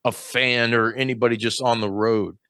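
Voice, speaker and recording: A man hosting a podcast in casual chat, swearing freely and rambling in a high-strung way. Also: steady tone, normal speed, sharp tone, dry recording. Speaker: podcast host.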